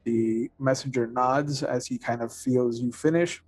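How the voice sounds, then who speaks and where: A man narrating as game master of a tabletop role-playing game. He talks slowly with frequent fillers, in a dry, close sound. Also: medium pitch, fairly even intonation, a little mellow, no echo. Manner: slow, halting narration with many fillers.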